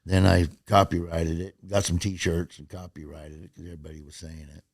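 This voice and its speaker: A man's voice: sits low, a little fast, vocal fry, no echo, studio quality. A middle-aged man, a stand-up comedian telling stories casually in an interview and acting out quotes in raised voices. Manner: animated storyteller, acts out quotes in raised voices.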